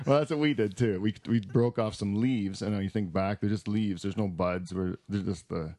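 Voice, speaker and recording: A man's voice: on the low side, moderate pace, dark tone, no room sound, studio quality. A man hosting a casual podcast chat, rambling with lots of fillers, restarts and laughter. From Canada. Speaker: podcast host.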